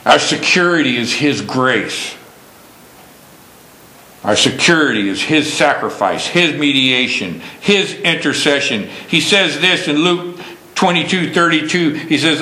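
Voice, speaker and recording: A man preaching a sermon slowly and emphatically, stressing key words. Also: a little high, expressive, bright, forceful tone, roomy sound, poor audio.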